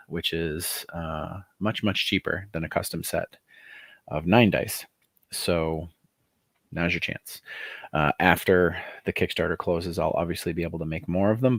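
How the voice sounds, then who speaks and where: A man casually chatting on a livestream, excited and rambling with fillers, greeting viewers as he talks through his project. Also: low-pitched, creaky, no echo, clean studio sound. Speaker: author running a crowdfunding livestream.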